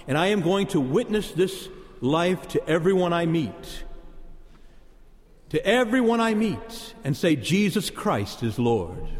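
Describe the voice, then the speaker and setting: A man's voice: on the high side, darkish tone. A man preaching a sermon as pastor, emphatic and repeating key words for punch. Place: church. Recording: long church reverb.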